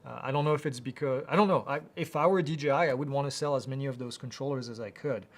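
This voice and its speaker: In a live Q&A chat, he reads questions from viewers and works through answers haltingly and casually, with lots of filler words. The voice is in the middle range.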